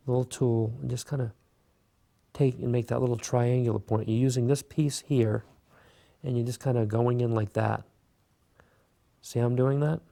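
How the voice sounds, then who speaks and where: A man hosting a beginner clay sculpting tutorial, talking relaxed and casual while he works. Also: medium pitch, vocal fry. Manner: relaxed, talks while working, many fillers. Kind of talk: step-by-step craft tutorial.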